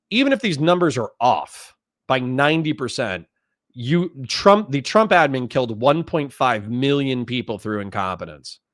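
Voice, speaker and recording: Over clean studio sound with no echo, a man with a medium-pitched voice hosts a political stream. He rants rapidly and angrily, swearing as he argues with callers in a heated political debate.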